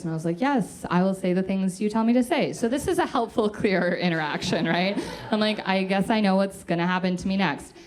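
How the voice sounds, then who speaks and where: Young woman doing standup storytelling, pitch slightly low, jumps around a lot, laughs at herself, acts out other people's voices. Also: a little hiss or hum. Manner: animated, self-mocking, acts out quoted voices with laughs. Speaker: comedian telling a story on stage. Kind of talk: stand-up storytelling to a live audience.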